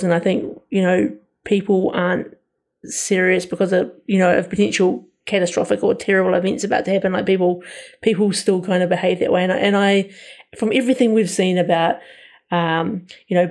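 A man's voice: high voice, gravelly, darkish tone. A man co-hosting a podcast, chatting casually about a film in a rambling way with lots of fillers. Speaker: podcast co-host.

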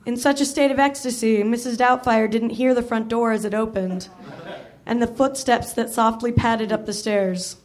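A woman's voice: a little high, fairly even intonation, normal speed, darkish tone. A woman reading comic fiction aloud on stage, with self-aware asides. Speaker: comedy reader. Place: live comedy theater.

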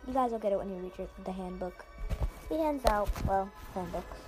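A woman's voice: medium pitch, lively intonation, a little fast, over music. A woman casually reading a second-person fan story aloud, rambling and correcting herself as she goes. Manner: rambling, self-correcting, breezy.

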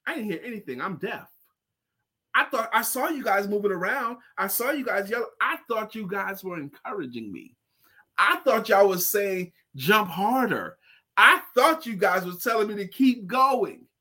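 A man voicing a deaf frog who calmly explains why he kept jumping. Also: high-pitched, moderate pace, voice pushed up, full character voice.

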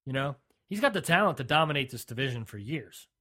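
A man's voice: mid-range voice, lively intonation, quick pace, pushed and bright. A man co-hosting a sports podcast in casual chat, blunt and opinionated, often restarting his sentences. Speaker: podcast co-host.

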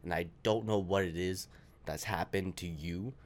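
A man's voice: deep voice, steady tone, normal speed. A man co-hosting a casual podcast, rambling with lots of swearing and filler words. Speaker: podcast co-host.

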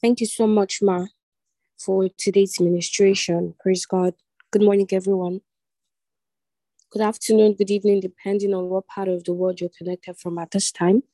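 A woman leading scripture reading and guided prayer in a measured, reverent way at an online meeting. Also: medium pitch, flat delivery, mellow, dry recording, poor audio. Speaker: prayer and Bible study leader.

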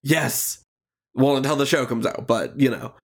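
A man's voice: mid-range voice, moderate pace, slightly rough. A man co-hosting a podcast, chatting casually about a reality show with a lot of "um" and "like" and frequent laughs. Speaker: podcast co-host.

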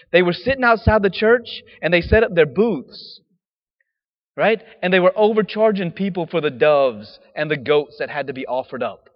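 A man preaching a sermon in a lively, casual way, full of slang and acted-out quotes. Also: a little high, long reverb tail, highs cut off.

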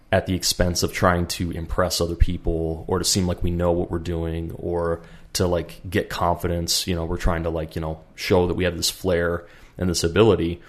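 A man co-hosting a podcast, talking casually and rambling, with many fillers and restarts. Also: sits low. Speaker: podcast co-host. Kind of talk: casual chat.

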